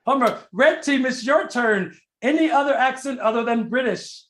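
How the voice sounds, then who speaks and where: A man's voice: extremely high pitch, normal speed, fairly bright tone. A man hosting an online improv comedy game over a video call, laughing often at the players' jokes. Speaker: improv show referee host.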